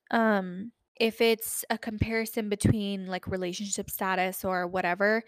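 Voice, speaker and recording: A woman's voice: mid-range voice, no echo, clean studio sound. A young woman in her twenties hosting a solo podcast, talking in a chatty, rambling way with lots of fillers. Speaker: podcast host.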